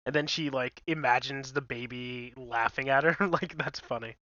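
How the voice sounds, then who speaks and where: A man's voice: medium pitch, steady tone, moderate pace, bright, forceful tone, no echo, highs cut off. A man co-hosting a casual, crude film recap chat, blunt and chuckling. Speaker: podcast co-host.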